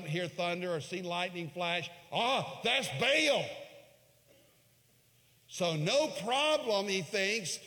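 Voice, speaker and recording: Dramatic preacher man in a reverberant hall. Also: sits high. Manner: dramatic retelling, swings from hushed to loud. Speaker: pastor. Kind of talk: sermon.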